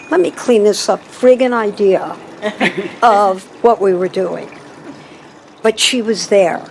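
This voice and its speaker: A woman's voice: mid-range voice, slight background noise, low-quality recording. A middle-aged woman giving a frank, wry eulogy at a memorial gathering, often laughing. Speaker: memorial speaker. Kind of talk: personal eulogy.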